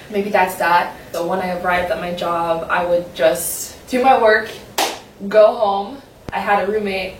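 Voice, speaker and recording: A woman's voice: medium pitch, recorded from a distance, a little hiss or hum. Young woman vlogging in a roomy space. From Saint-Martin. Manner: candid, rambling, self-conscious. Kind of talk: personal vlog chat. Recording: roomy echo, voice from the mic, faint ambience.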